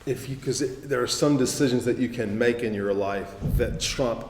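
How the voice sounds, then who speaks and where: A man's voice: medium pitch, normal speed, a little hiss or hum. Affirming male host in an echoey hall. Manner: affirming, frequent interjections. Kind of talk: faith conversation. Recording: roomy hall reverb, faint ambience.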